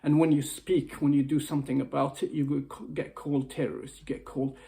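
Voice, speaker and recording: A man's voice: mid-range voice, little pitch movement, fairly quick, vocal fry, warm tone. A male motivational speaker gives an upset, emotional video message. He pleads, repeats himself and restarts his phrases. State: upset, near tears. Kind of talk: impassioned personal video message.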